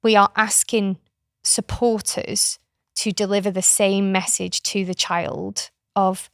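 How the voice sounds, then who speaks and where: A woman's voice: mid-range voice, fairly even intonation, slow pace, gravelly, fairly bright tone, dry recording, studio quality. A middle-aged British woman talking frankly and chattily as a podcast guest, explaining a parenting approach. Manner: frank, chatty explainer who slips into playful voices. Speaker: podcast guest, author and kinship carer. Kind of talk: casual podcast conversation.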